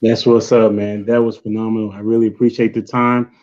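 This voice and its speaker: A man's voice: fairly low pitch, little pitch movement, brisk, darkish tone, highs cut off. A man hosting a casual interview over a video call, talking in a laid-back, slangy, encouraging way. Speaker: podcast host.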